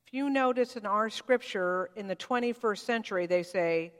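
Preaching in a church, a woman pastor speaks at a moderate pace and medium pitch, the big room audible around her. She's heartfelt and reflective, leaning on certain phrases while others fade softly.

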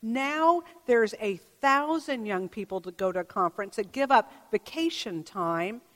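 A woman pastor giving a sermon in a church, reflective and measured, asking the congregation questions. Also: on the high side, expressive. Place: church sanctuary. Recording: long church reverb.

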